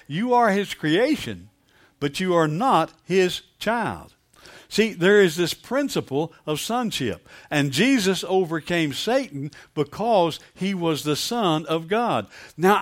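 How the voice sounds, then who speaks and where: A man preaching a sermon, calling on the congregation for amens and building to emphatic peaks. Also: sits high. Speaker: pastor.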